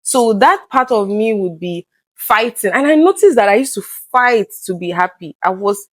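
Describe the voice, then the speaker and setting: An earnest woman shares her own experience in a candid conversation, at a middle pitch for a woman. Her voice sits close and dry, with no room sound around it. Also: moderate pace, no room sound. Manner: earnest, reenacts conversations with lively quoted voices. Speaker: guest.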